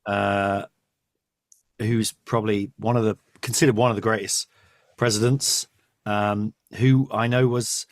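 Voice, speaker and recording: A man's voice: lowish voice, gravelly, no room sound, clean studio sound. A man hosting a podcast, chatting casually, often laughing and trailing off. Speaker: podcast host. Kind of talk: casual chat.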